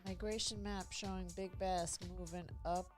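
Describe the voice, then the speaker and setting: A woman co-host making quiet casual remarks from off to the side. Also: on the low side, fairly even intonation, moderate pace, music in the background. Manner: quiet, laughing asides. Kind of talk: casual chat.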